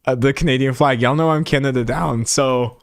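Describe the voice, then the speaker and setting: Gravelly and mid-range, a little fast, this young streamer from Texas talks casually through comments from a home room with a set backdrop. There's no room sound, just a dry close recording, and he animatedly acts out quoted comments in mock-dramatic voices.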